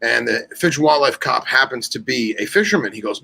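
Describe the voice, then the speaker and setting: A man's voice: medium pitch, a little fast, gravelly, hardly any pauses, husky, low-quality recording. A man in casual chat on a podcast, telling stories with lots of fillers and restarts, acting out the dialogue of other people. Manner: animated storyteller acting out quoted dialogue; loose, with many fillers and restarts. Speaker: podcast co-host.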